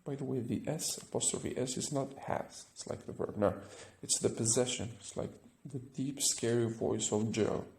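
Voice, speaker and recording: Gravelly-voiced man teaching English grammar. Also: medium pitch, fairly even intonation, normal speed, few pauses, a little mellow, reverberant. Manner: explains step by step, often checks with "right?". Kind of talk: recorded grammar lesson.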